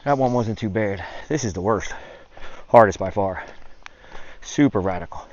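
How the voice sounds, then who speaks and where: A man's voice: on the low side, normal speed. A man out of breath, chatting casually to his camera while climbing a steep mountain trail, swearing now and then. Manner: chatty, swears casually, puffing between phrases. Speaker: hiking vlogger. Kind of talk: casual vlog narration while hiking. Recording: dull lo-fi camera audio with faint noise.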